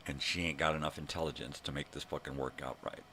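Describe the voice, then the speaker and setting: An older man hosting his own daily vlog, ranting angrily and swearing, with bursts of shouting. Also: extremely low pitch, fairly even intonation, fast, a little hiss or hum. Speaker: vlog host. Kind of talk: angry profane rant.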